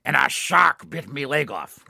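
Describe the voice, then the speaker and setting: A man telling a joke as a gruff old pirate. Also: fairly high pitch, animated, measured pace, sharp tone, dry recording, clean studio sound, heavily acted.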